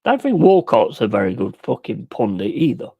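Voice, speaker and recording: Hosting a casual football watch-along stream, a man rants and swears, lurching from loud outbursts to mumbled asides. His mid-range voice is creaky and slightly rough, with big pitch swings and a moderate pace. The recording is dry and dull.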